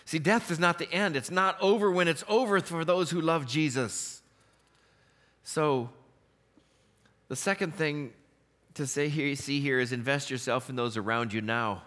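A man's voice: on the high side, a little slow, fairly bright tone. A man, a pastor, preaching a sermon in a church and telling stories with humor, often laughing. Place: church sanctuary.

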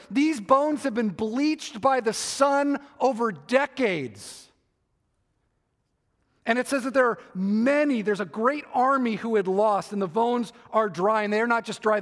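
Speaking at a moderate pace in a large hall, a man with a very high, somewhat bright voice and lively intonation gives a sermon. He rephrases and repeats for emphasis again and again, asking his listeners rhetorical questions.

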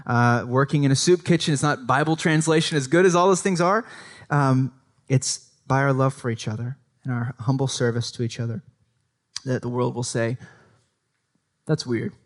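A man preaching a sermon in a conversational way, often checking in with his listeners and acting out quoted speech with a livelier voice. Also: medium pitch. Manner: conversational, often adds "right?" to invite agreement. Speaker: pastor.

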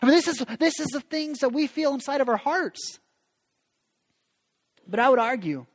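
A man preaching a sermon as pastor, speaking with passion and acting out quoted prayers. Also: sits high. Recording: long reverb of a large hall.

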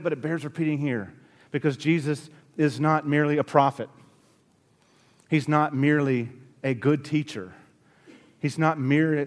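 A man preaching a sermon as pastor, emphatic, with sharp rises and drops in his delivery. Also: medium pitch, big-room sound.

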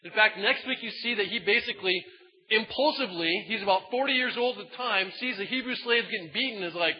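Man, pastor, sermon, animated and folksy, big hall reverb. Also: high voice, normal speed. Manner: animated, swings between loud emphatic bursts and quiet asides; casual, folksy phrasing. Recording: dull sound in a large reverberant hall.

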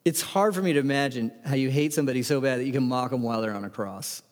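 A man's voice: mid-range voice, fast talker, long reverb tail. A man preaching a sermon, reading scripture aloud with emphatic delivery. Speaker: pastor.

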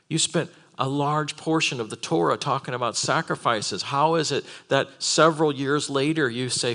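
A man teaching a Bible conference session, earnest and building from quiet reflection to fervent emphasis. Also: medium pitch, moderate pace.

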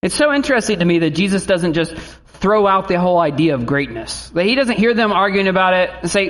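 A man's voice: high voice, sing-song, fast talker, hardly any pauses, fairly bright tone. A man in his thirties, a pastor giving a conversational sermon who acts out quotes and family stories.

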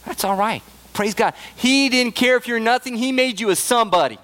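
A man preaching a sermon in a high voice. He talks earnestly and emphatically, climbing into excited bursts and then falling back to soft, low asides. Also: a little fast. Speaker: pastor.

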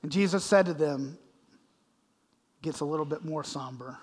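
A man's voice: on the high side, fairly even intonation, normal speed, darkish tone. A male pastor preaching, explaining scripture verse by verse and acting out the quoted lines with emphasis. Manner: expository preaching with dramatic readings of scripture. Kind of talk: sermon. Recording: long reverb of a large hall.

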